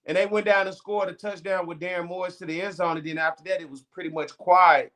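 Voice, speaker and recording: Animated man recapping football stats. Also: sits high, quick pace. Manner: animated, reads game stats in a steady run. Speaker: sports talk show co-host. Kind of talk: casual sports talk and stat recap.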